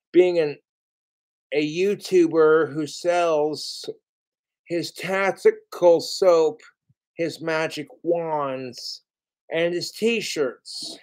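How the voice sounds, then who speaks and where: A man drags through a live stream at an unhurried crawl, his voice sitting a little high. He curses freely and loops back over the same thoughts. He has been drinking, and it comes out as self-pity. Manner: profane, self-pitying, meandering with restarts. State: drinking alcohol. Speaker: YouTuber livestreaming cooking videos. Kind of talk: rambling livestream monologue.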